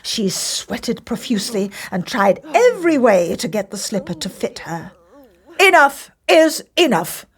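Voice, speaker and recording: A woman's voice: mid-range voice, very animated, moderate pace, hardly any pauses, a little mellow, breathy edge. A woman reading a fairy tale aloud in a playful, theatrical way. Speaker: storybook narrator. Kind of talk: expressive storybook reading.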